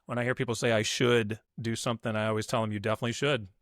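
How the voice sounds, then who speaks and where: A man's voice: medium pitch, little pitch movement, fast talker, a bit bright, no echo, clean studio sound. A man speaking as a podcast guest in an upbeat, motivational way, acting out what people say. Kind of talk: conversational interview.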